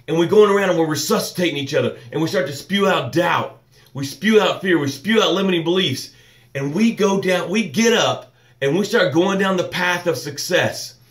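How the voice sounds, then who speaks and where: A man hosts a live motivational morning show, his voice ringing in a roomy, echoing space. He stacks up fervent, sermon-like phrases and calls viewers by name. Then he eases into soft, unhurried breathing cues. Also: fairly high pitch. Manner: fervent, preacher-like build-ups with repeated phrases. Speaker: business coach hosting a live morning show.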